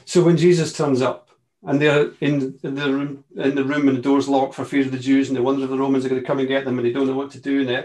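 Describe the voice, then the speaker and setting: A man preaching a sermon, impassioned, moving between quiet asides and ringing emphasis. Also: medium pitch.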